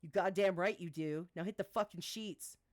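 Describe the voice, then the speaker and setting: Tough, sweary woman fighter read by a low-voiced woman, calmly menacing, barks her orders. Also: brisk, natural voice. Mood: barking. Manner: calm menace that turns to sharp, sweary barking. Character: tough, profane young woman fighter, fiercely protective.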